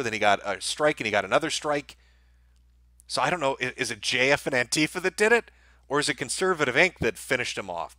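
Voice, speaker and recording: A man's voice: medium pitch, bright, forceful tone, no room sound, studio quality. A man hosting a livestream, reading viewer donations and answering them in sardonic, profane commentary. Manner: sardonic, blunt, swears freely.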